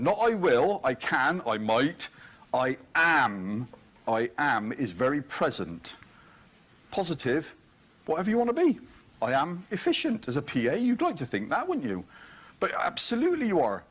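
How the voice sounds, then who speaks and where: Animated husky man in his fifties. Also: medium pitch. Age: 50s. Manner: animated, joking with the audience. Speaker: conference speaker. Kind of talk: motivational conference talk. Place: conference hall.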